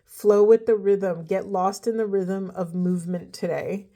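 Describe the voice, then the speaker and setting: A woman's voice: mid-range voice, steady tone, unhurried, mellow. A woman giving an earnest, emotional spiritual card reading, speaking directly to her viewers. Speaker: tarot and oracle card reader.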